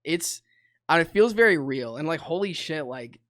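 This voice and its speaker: A man co-hosting a podcast, talking casually about music and pausing often with fillers and restarts. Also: on the high side, expressive, a bit bright. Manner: rambling, many fillers and restarts. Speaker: podcast co-host.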